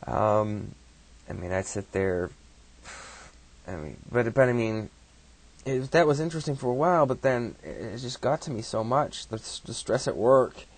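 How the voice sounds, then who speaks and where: A man telling a personal story casually, in a halting, profane way with many restarts. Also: medium pitch, expressive, husky.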